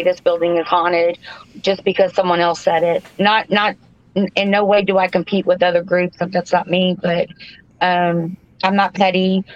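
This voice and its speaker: A woman's voice: lowish voice, no echo, highs cut off. A woman, chatting on a podcast and telling a personal story, with lots of stammers and restarts. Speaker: podcast co-host, paranormal investigator. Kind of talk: casual podcast chat and storytelling.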